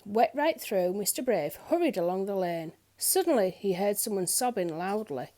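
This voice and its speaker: A woman reading a children's picture book aloud in an expressive storyteller's manner. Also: medium pitch, moderate pace. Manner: expressive, lilting.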